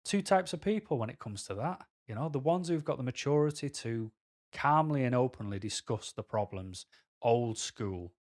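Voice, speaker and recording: A man's voice: medium pitch, expressive, normal speed, darkish tone. Candid Mancunian man rambling on camera. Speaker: vlogger. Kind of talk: personal talking-to-camera monologue.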